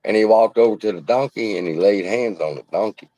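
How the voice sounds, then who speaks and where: A man's voice: on the low side, brisk, mellow, dry recording, low-quality recording. A man hosting a casual livestream, telling a folksy parable in a profane, preacherly way from a room at home. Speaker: investing channel host. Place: hot room at home beside air conditioner.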